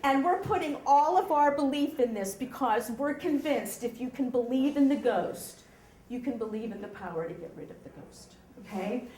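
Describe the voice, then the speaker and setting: A woman telling a true story live on stage, animated, often checking in with the audience. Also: high-pitched, normal speed, roomy sound.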